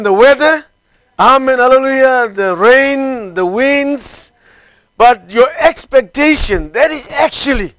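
Guy preaching w a really high bright voice, hallelujah amen every other line, gets loud and fired up, dry close sound. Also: no echo. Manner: punctuates phrases with hallelujah and amen; builds from calm storytelling to fervent shouting. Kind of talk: sermon.

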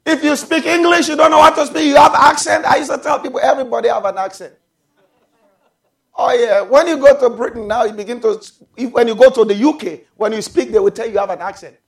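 A man preaching a sermon to his congregation, calling for amens and shouting out drawn-out phrases. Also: very high voice. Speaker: pastor.

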